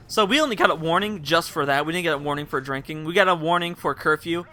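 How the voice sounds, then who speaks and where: A man's voice: a little high, pushed and bright. A young man telling a rambling, casual story to his viewers and laughing at himself. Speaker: vlogger.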